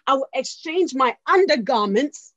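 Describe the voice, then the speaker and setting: A woman voicing a defiant queen mother with a put-on accent, declaiming slowly, loudly and forcefully. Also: sits high, lively intonation, no room sound. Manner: slow, loud, forceful declaiming. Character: defiant queen mother rallying her people. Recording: dull lo-fi dry recording.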